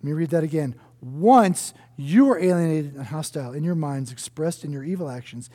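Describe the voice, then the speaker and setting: Earnest high-voiced male preacher. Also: lively intonation, fairly quick. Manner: earnest, drops to a soft hush for emphasis. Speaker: pastor. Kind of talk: sermon.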